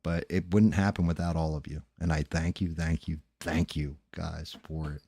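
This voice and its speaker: A man's voice: very deep voice, flat delivery, normal speed, vocal fry, dark tone, slightly rough, dry recording. A man hosting a late-night livestream, chatting loosely with frequent swearing and thanking viewers by name. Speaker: livestream host.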